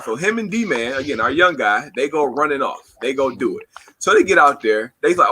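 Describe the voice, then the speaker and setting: A man hosting a casual group chat, telling stories with lively acted-out quotes and frequent laughter. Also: on the high side, moderate pace, a little hiss or hum. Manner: animated storytelling, acts out quotes, laughs often.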